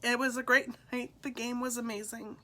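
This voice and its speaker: Mother, middle-aged, personal testimony; bright voice, pitched a bit high, halting and emotional. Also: flat delivery. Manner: emotional, halting, with soft laughs. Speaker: speaker sharing her story.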